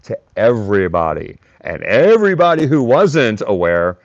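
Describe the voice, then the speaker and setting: A man's voice: fairly low pitch, sing-song, normal speed, no room sound, highs cut off. A man hosting a live stream, talking bluntly and combatively while reading and answering chat comments. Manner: blunt, combative, mocks chatters by name. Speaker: livestream host.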